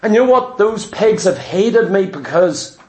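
Guy preaching a sermon, voice way up high, lots of do-you-know questions, slows down to punch words. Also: animated. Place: church.

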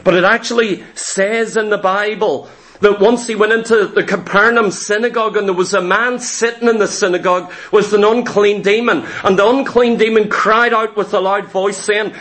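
A man's voice: high-pitched, normal speed, fairly bright tone. A man preaching a sermon emphatically, acting out the voices he quotes. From Ireland. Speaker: pastor.

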